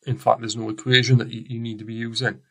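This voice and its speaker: A Welsh man teaches a recorded science lesson with a bright, forward voice. He talks in a chatty, rambling way, breaking off and restarting his sentences as he goes. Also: mid-range voice, little pitch movement, fast talker. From Wales. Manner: chatty, rambling, self-correcting.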